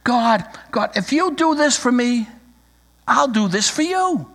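A man's voice: extremely high pitch, animated, measured pace, a bit bright, pitched above the performer's own voice, exaggerated voice. A preacher voicing a man who stammers as he tries to bargain in prayer. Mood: pleading bargaining. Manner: stammering, pleading.

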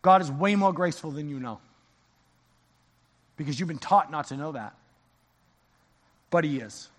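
A man's voice: on the high side, animated, moderate pace. A man preaching an impassioned sermon as pastor in a church sanctuary. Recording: long church reverb.

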